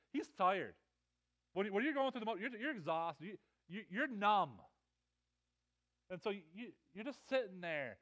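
High-voiced stammering male preacher. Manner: animated, stammering repetitions, voice swells and drops. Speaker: pastor. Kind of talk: sermon.

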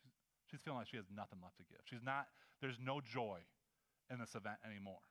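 A man preaching a sermon in a conversational, animated way, acting out the scenes he describes. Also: medium pitch, brisk. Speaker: pastor.

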